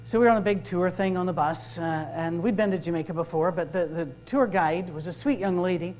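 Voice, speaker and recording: A man's voice: sits high, a little fast, darkish tone, slight background noise, low-quality recording. Storytelling man preaching. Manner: storytelling, acts out dialogue, joking. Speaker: minister. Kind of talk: sermon-style workshop talk.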